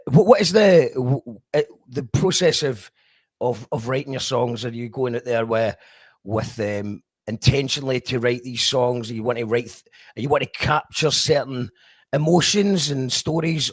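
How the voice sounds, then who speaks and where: A man's voice: mid-range voice, normal speed, no echo. A man hosting a live-streamed interview, reading out viewer comments and asking questions with frequent restarts and fillers. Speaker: host.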